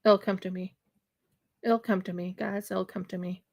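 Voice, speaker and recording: A woman crochets on her craft livestream from home in winter, chatting loosely and rambling, often restarting and filling pauses. She speaks at a moderate pace with a medium pitch, a steady tone, and a darkish timbre.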